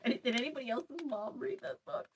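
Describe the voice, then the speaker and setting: A woman's voice: fairly high pitch, normal speed, slight background noise, poor audio. A woman hosting a stream, reading fan fiction aloud with a playful manner, laughing and stumbling and adding asides as she goes. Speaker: host.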